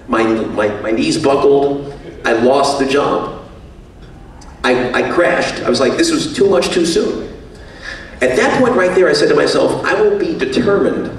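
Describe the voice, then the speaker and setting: A man's voice: fairly high pitch, far from the mic, slight background noise. A man giving an after-dinner banquet speech, telling self-mocking stories in a joking way. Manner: self-mocking, jokey storytelling. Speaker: banquet speaker, radio executive. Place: banquet hall. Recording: echoey hall, voice from afar.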